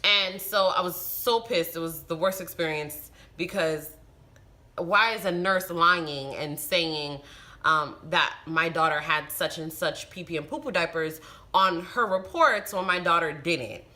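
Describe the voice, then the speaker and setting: Bright-voiced woman telling a story. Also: fairly low pitch, unhurried. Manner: animated, emphatic retelling with frustrated outbursts. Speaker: vlogger and new mother. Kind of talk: casual storytelling to camera.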